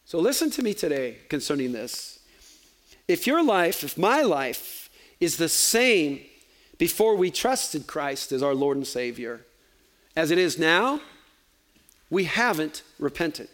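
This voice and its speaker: A man preaching a sermon in church as pastor, conversational and animated, with joking asides. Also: on the high side, slow.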